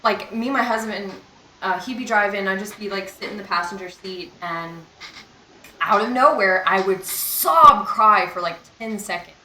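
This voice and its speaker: Young woman vlogging a story, rambly and open, bright voice, roomy echo with a faint hum behind. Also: medium pitch, normal speed. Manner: rambling and candid, heavy use of "like" and "you know". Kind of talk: casual storytime monologue.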